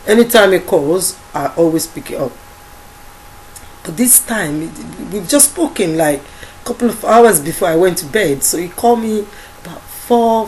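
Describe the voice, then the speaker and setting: A woman with a Nigerian accent recounting a story in casual speech, halting often with fillers and restarts. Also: medium pitch, darkish tone, slight background noise, rough recording. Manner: halting, many fillers and restarts, quotes others in dialogue. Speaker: activist recounting events.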